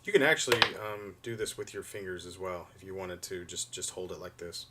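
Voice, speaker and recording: A man's voice: deep voice, brisk, background noise. A man in his thirties hosting a casual livestream, chatting in a rambling way while explaining hands-on repair steps. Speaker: livestream host doing figure repair. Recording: voice a bit far from the mic.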